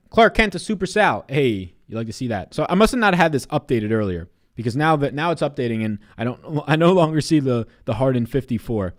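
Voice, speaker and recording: A man in his twenties on a casual live stream, giving fantasy basketball picks and answering chat in a loose, profane way. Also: fairly high pitch. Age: 20s.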